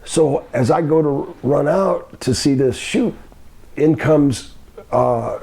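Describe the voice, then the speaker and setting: An older man telling a long anecdote as an interview guest, halting with many ums and restarts, his voice climbing when the story gets exciting. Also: a little high, vocal fry, husky. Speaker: guest telling old wrestling stories.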